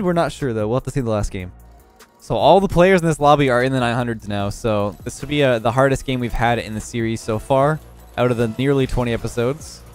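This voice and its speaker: A young man casually commentating his own match, relaxed and analytical, sleepy and yawning as he has just woken up. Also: medium pitch.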